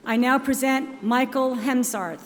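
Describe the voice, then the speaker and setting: Woman announcer, formal and measured, somewhat high voice, long hall reverb, faint ambience. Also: noisy background. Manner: measured, formal reading of names. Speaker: ceremony announcer. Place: large ceremony hall.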